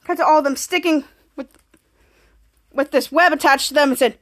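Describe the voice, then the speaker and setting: A woman's voice: sits high, normal speed. A woman podcast host casually recapping a TV episode scene by scene, rambling and restarting often. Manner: rambling, repeats "cut to" with frequent restarts.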